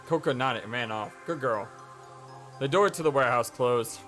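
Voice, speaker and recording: A let's play host reading a visual novel aloud and reacting in an excitable, stammering way. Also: male voice, medium pitch, moderate pace, soft background music.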